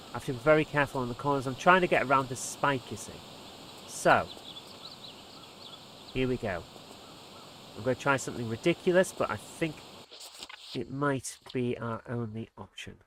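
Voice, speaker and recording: A man's voice: mid-range voice, animated, moderate pace, fairly bright tone, slight background noise. A man commentating casually on his gameplay as a let's play host, exasperated and muttering under his breath.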